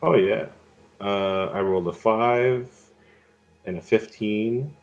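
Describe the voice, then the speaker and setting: Low-voiced man running a tabletop game. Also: slow, highs cut off, faint music behind. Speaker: game master.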